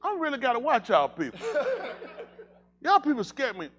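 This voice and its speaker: Man, pastor, high voice, very lively pitch, teasing banter, animated outbursts, casual preaching. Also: measured pace, lo-fi sound. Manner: animated, teasing, bursts into loud exclamations.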